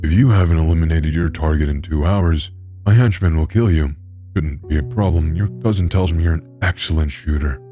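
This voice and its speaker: A man's voice: extremely low pitch, brisk, mellow, faint music behind. A man playing a mocking villain host. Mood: menacing. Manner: mocking, coldly theatrical. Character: sadistic male dark-web show host, taunting villain. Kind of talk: horror story narration.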